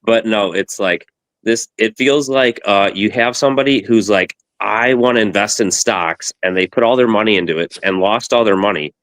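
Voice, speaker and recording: A man's voice: lowish voice, moderate pace, fairly bright tone, no room sound. Dry-sounding man rambling on a podcast. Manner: rambling, uses analogies, many "it's like". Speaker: podcast co-host. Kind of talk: casual sports podcast chat.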